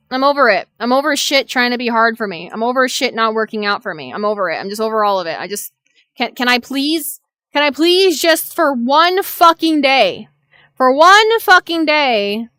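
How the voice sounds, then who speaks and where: Brief: exasperated young woman streamer, clear high voice, swears a lot while venting. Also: sharp tone, no room sound, clean studio sound. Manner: exasperated, profane ranting. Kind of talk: venting live-stream chat.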